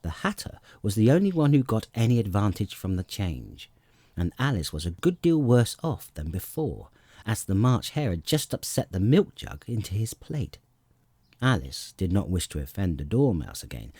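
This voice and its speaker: A man narrating a storybook audiobook in an expressive storytelling manner, close to the mic. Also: fairly low pitch, moderate pace, slightly rough, no echo.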